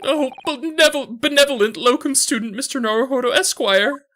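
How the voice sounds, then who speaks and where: A man's voice: very high voice, normal speed, sharp tone, slight background noise, pitched above the performer's own voice. A man voicing a theatrical young male client who speaks in melodramatic, swooping exclamations, with game music behind. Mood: gushing.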